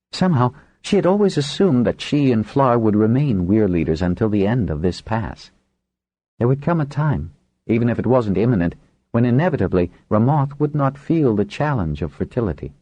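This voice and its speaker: A man reading a fantasy audiobook in a measured storytelling manner, in a dry, close recording. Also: sits low, a little mellow, slightly rough, no room sound. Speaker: audiobook narrator. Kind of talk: scripted audiobook narration.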